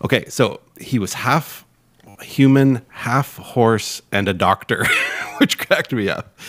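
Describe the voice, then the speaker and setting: A man's voice: mid-range voice, slow pace, fairly bright tone, no room sound. A man co-hosting a podcast in casual chat, laughing often and restarting his sentences. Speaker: podcast co-host.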